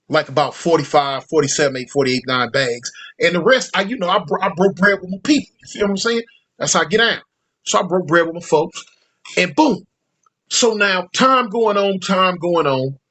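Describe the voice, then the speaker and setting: Male storyteller, high-pitched, loose and slangy, acts out every quoted line. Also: pushed and bright. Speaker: storyteller recounting prison life. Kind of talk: casual storytelling monologue.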